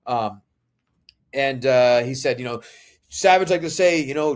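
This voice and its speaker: A young man co-hosting a podcast, telling a long story in a lively, animated way and putting on other people's voices in the quotes. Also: mid-range voice, measured pace. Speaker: podcast co-host, Macho Man impersonator. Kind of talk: casual storytelling chat.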